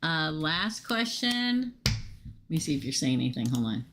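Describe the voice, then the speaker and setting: A woman's voice: low voice, very animated, unhurried, fairly bright tone, a little hiss or hum. A woman doing a casual live tarot reading, naming cards and chatting with viewers about their questions. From United States. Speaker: tarot reader.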